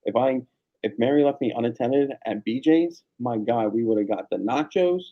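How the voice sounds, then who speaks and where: A man chatting casually on a family vlog, telling animated stories with casual swearing. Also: mid-range voice, normal speed, phone-quality sound. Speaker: vlogger, family channel dad. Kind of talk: casual chat.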